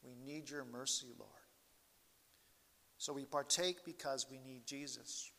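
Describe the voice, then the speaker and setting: Slow, earnest male preacher in a reverberant hall. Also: mid-range voice, fairly even intonation, gravelly. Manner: slow, earnest preaching with sweeping rises and drops in loudness. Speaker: pastor. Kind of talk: sermon.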